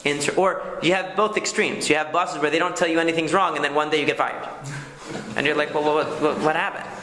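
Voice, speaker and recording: A man's voice: fairly high pitch, steady tone, a little fast, noisy background. A man, a rabbi, giving a conversational lecture and checking in with "okay?" as he teaches. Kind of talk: lecture on marriage communication. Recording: echoey room.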